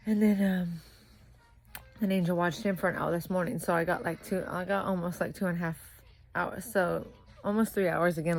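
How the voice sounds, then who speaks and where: A woman's voice: fairly low pitch, rough recording. A young woman vlogging at home about her two small children, exhausted from little sleep and rambling as she corrects herself. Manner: rambling, scattered, self-correcting. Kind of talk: casual vlog chat. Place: at home with a toddler nearby.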